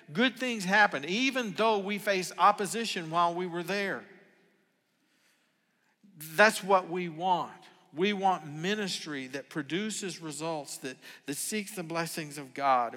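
An older male pastor delivers a sermon in an earnest way, his bright, fairly high voice sinking to near-whispers before climbing to emphatic peaks. A long reverb trails every phrase, like a large sanctuary. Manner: earnest, swings from hushed to emphatic. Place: church sanctuary.

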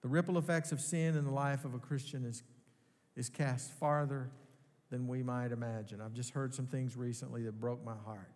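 A male pastor delivers an earnest sermon. His voice is mid-pitched and carries a long hall reverb. He swells to strong emphasis, then drops low and slows down. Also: steady tone, a little mellow. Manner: earnest preaching with rising emphasis and slow pauses. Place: large church hall.

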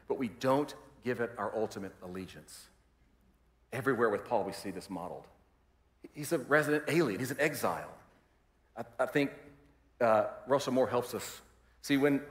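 A man preaching a sermon as pastor, animated and acting out quoted voices, swinging from loud to quiet. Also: mid-range voice. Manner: animated, acts out quoted voices, varies volume widely. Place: large church hall. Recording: roomy hall reverb.

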